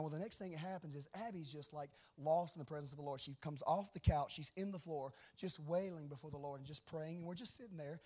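Animated high-voiced male preacher. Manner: animated, swings from hushed to loud. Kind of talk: sermon with storytelling.

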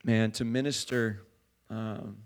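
A man preaching a sermon in a church, talking casually with many fillers and building to loud fervor. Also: fairly low pitch, steady tone, slow pace. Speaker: pastor.

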